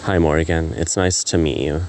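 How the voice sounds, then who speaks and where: A man reading the lines of a treacherous young drow boy in a low, even voice. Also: moderate pace, slight background noise. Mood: friendly.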